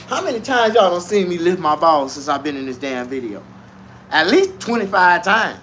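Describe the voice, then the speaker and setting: Loud crude man ranting to camera. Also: high voice, normal speed, background noise. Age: 40s. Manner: loud, crude, animated street slang. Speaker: vlogger. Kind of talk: casual comedic rant to camera.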